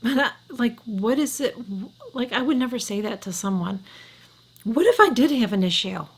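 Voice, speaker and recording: A woman's voice: fairly high pitch, lively intonation, normal speed, slightly rough. Frank, chatty middle-aged woman vlogger. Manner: chatty, frank, often drops to a near whisper. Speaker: beauty vlogger. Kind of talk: casual chat to camera.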